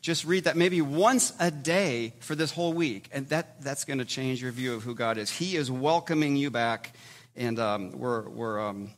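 A man preaching a sermon in a conversational way, with sudden loud emphatic bursts between quieter stretches. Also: mid-range voice, normal speed. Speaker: pastor.

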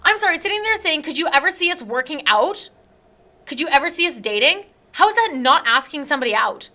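A woman's voice: high voice, sing-song, fairly quick, sharp tone. A young woman hosting a casual chat, telling an indignant story and acting out text messages.

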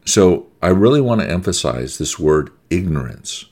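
A man's voice: low voice, sing-song, moderate pace, darkish tone. A middle-aged American man preaching a sermon, conversational and emphatic, repeating key words for stress.

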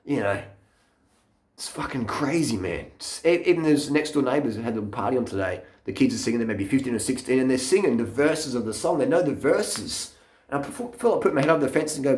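A man talks straight into his camera in a blunt, profane rant. His voice sits in the middle range and carries an echo from the room. He gets animated and laughs at his own stories. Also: mid-range voice, fairly quick. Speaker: vlogger. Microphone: camera mic.

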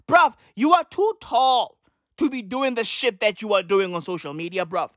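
A woman's voice: medium pitch, normal speed, no room sound, studio quality. A woman delivering a comedic sports rant in slangy, profane, repetitive street talk.

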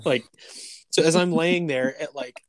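A man in his thirties co-hosting a podcast, telling animated stories in casual chat, swearing often and laughing between lines. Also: fairly high pitch, a little slow, no room sound, clean studio sound. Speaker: podcast co-host.

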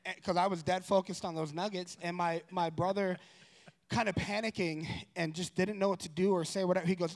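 A man telling a personal story in a casual, rambling way, correcting himself and growing animated. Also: high-pitched, fast. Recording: long room reverb.

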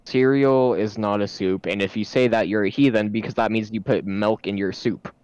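A man's voice: on the low side, steady tone, normal speed, a little mellow, clean tone, no echo, dull audio. A man co-hosting a casual podcast, making wry, opinionated remarks. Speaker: podcast co-host. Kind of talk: casual joking chat among friends.

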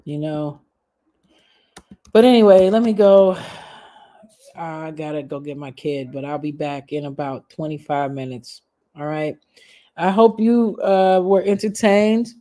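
A woman's voice: on the low side, warm tone. A woman hosting a casual gossip vlog, talking bluntly and cursing freely to her viewers. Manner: blunt, heavy cursing, chatty asides. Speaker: gossip vlogger. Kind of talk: casual profane commentary.

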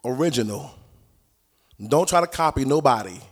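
A man with a mid-range voice delivers a teaching sermon at a prophetic training session, speaking at normal speed. His animated, folksy, colloquial style features punchy repetition and sudden sung or shouted phrases.

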